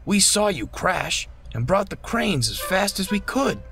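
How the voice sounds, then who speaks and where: A man voicing a calm, sarcastic male steam engine in a storybook reading. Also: high-pitched, a little slow, vocal fry, music in the background, voice pushed up, exaggerated voice. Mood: dry. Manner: dry, sarcastic.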